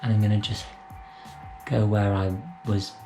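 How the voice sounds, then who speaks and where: A man's voice: on the low side, flat delivery, measured pace, mellow. Brief: male drag makeup vlogger, rambling playful chat, room echo with faint music. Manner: rambling, self-correcting, playful. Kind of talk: chatty makeup tutorial. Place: room at home.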